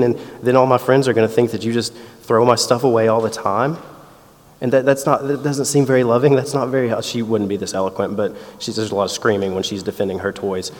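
A man's voice: medium pitch, steady tone, a little fast. A man in his thirties preaching a sermon in a conversational way, telling family stories and acting out quotes. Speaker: pastor. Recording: long reverb in a hall.

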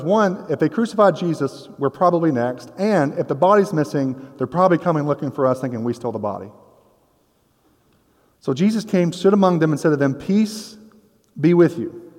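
A man's voice: on the high side, animated, moderate pace, darkish tone. Man, pastor, conversational sermon, joking asides, long church reverb. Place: church sanctuary.

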